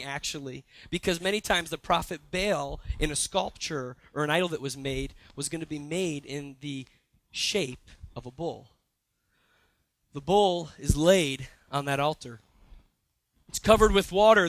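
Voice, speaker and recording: A young man preaching a sermon, retelling a story with lively asides and quoted lines. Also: a little high, dry recording. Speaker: pastor. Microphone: handheld or stage mic.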